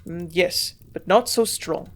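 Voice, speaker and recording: A woman voicing a shrewd old German male scientist who grunts out blunt remarks in a put-on German accent, louder than her narration. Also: fairly low pitch, takes it slowly. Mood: gruff.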